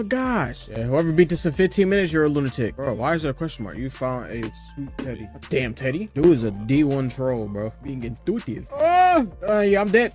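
A man giving casual, swearing commentary while playing a game, squealing and shouting at jumps and singing bits of rap. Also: a little high, big pitch swings, moderate pace, few pauses, soft background music. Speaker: gaming streamer. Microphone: headset or desk mic with face cam.

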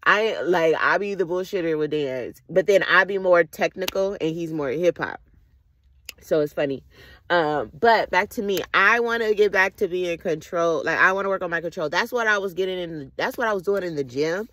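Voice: medium pitch, normal speed, bright, forceful tone, no room sound. A vlogger talking through a casual, rambling reflective monologue full of slang, swearing and frequent laughter.

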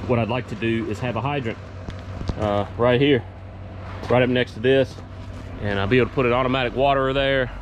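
A man talking casually through a farm vlog outdoors, relaxed and rambling with many fillers. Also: mid-range voice, brisk, a little hiss or hum. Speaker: farm vlogger.

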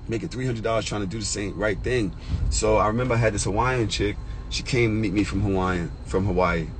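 A man telling a personal story in a casual, profane way. He gets choked up at times and jumps into a high, excited pitch when worked up. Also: fairly quick, slight background noise, poor audio. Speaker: storyteller vlogger.

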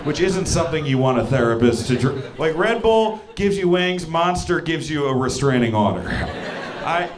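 A man's voice: a little high, big pitch swings. Self-mocking stand-up comedian man, echoey club. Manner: quick, self-mocking delivery with acted-out voices. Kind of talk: stand-up set. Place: comedy club stage before a laughing crowd. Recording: echoey club with audience noise.

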